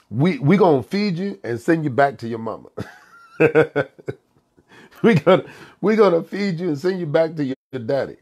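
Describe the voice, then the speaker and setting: A male pastor speaks to his online congregation in a husky voice, taking his time over every phrase. He talks with fervent conviction, circling back to repeat key lines and calling out viewers by name. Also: mid-range voice, a little mellow. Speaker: senior pastor. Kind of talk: casual live-stream chat with viewers.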